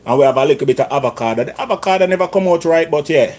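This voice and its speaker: A man's voice: on the high side, expressive, very fast, a little mellow. A middle-aged Jamaican man chatting casually through a home cooking vlog in his kitchen, slipping into patois phrasing. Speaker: cooking vlogger.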